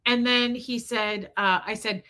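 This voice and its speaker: A woman live-streaming, telling animated stories in casual chat, reading viewer comments aloud and swearing freely. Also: fairly high pitch, unhurried, clear, resonant tone.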